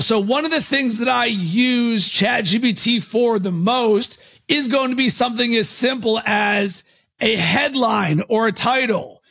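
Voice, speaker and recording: High gravelly-voiced man explaining with gusto. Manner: fast animated delivery with bursts of loud emphasis. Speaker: podcast guest, coach and founder. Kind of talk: energetic conversational explaining.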